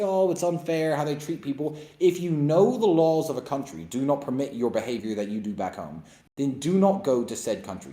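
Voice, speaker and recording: A man's voice: medium pitch, dark tone. A man hosting an opinionated monologue and Q&A, blunt and sarcastic, with emphatic delivery. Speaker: host. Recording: roomy echo.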